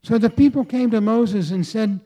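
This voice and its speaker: A man preaching a sermon from the United States, slow and deliberate, with emphatic pauses and repetition. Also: sits high, dark tone. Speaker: pastor.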